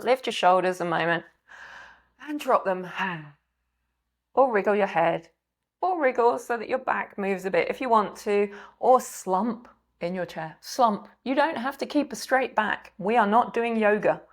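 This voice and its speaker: Woman coach, mid-pitched voice, gravelly, talks a group through a slow calming practice with soft sighs. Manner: gentle, permissive guiding with frequent sighs. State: scratchy, gravelly throat. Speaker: recovery coach. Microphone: desk mic on a video call.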